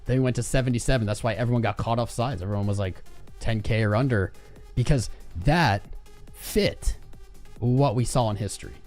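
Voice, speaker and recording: A man's voice: medium pitch, fairly quick, a little mellow, soft background music. A man hosting a live crypto trading stream, chatting casually, thinking aloud and reading out viewers' price guesses from chat. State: chapped cuticles from cold weather. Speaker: livestream trading host.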